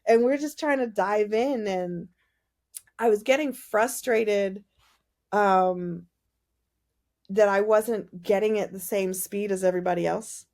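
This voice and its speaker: A woman guest on a podcast, telling her faith story in casual, animated conversation and acting out the dialogue. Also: medium pitch, slow pace. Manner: animated storytelling, many "like" fillers, acts out dialogue. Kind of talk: personal testimony in casual conversation.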